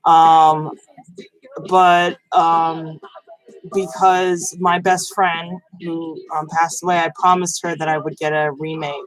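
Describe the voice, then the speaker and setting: A woman's voice: low-pitched, level tone, slow, low-quality recording. A woman chatting casually about video games on her vlog, rambling with many fillers and restarts. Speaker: gaming news vlogger. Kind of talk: casual chat.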